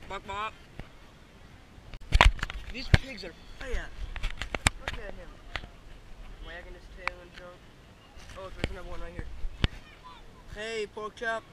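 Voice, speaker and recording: A man's voice: high voice, steady tone, a little slow, pauses often. A man vlogging a family farm outing, teasing the animals playfully and reading signs aloud. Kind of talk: casual handheld vlog commentary. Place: outdoors at a farm orchard. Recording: loud outdoor noise on a camera mic.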